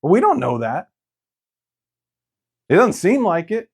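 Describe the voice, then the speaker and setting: A man's voice: sits high, huge pitch swings, measured pace, creaky, breathy edge. A man preaching a sermon in a conversational, joking way, acting out quoted voices.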